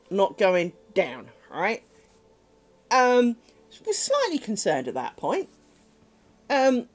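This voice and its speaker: Animated British woman telling rambling stories. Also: mid-range voice. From Britain. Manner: rambling, animated storytelling with frequent ums and swearing. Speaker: crafts streamer. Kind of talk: casual livestream chat.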